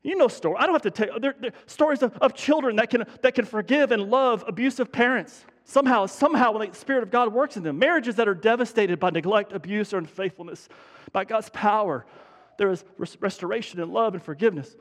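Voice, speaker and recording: A man's voice: high-pitched, fast talker. A man preaching a sermon as pastor in a church sanctuary, fervent and urgent, often restarting his words. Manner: fervent, building to urgent emphasis; frequent restarts and stumbles. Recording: long hall reverb in a church.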